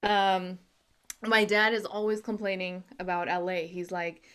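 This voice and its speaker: Young woman, stand-up comedian, video call, deadpan, laughs at own jokes. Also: on the low side, measured pace, smooth. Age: young adult. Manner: deadpan punchlines with frequent laughs. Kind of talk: stand-up set. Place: home.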